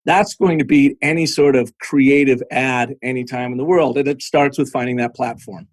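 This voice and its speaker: A man guest on a podcast, telling business anecdotes in a lively conversational way, now and then laughing. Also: medium pitch, moderate pace, dry recording. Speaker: podcast guest, storytelling strategist. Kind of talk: conversational storytelling.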